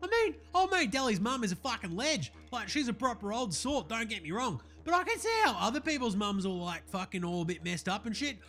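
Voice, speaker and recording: A man's voice: high voice, big pitch swings, brisk, few pauses, pushed and bright, pitched above the performer's own voice, heavily acted. A man voicing a brash, crude young Australian bogan who rambles in slang about films.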